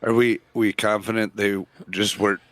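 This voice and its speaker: A man co-hosting a podcast, laid-back and quick to laugh in casual chat. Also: on the low side, little pitch movement, a bit bright, dry recording. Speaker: podcast co-host.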